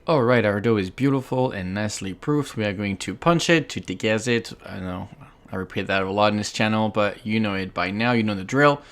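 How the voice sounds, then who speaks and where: A man's voice: fairly low pitch, brisk. A man with a French accent, a chef hosting his own cooking tutorial, chatty and playful as he explains each step. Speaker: chef and cooking show host.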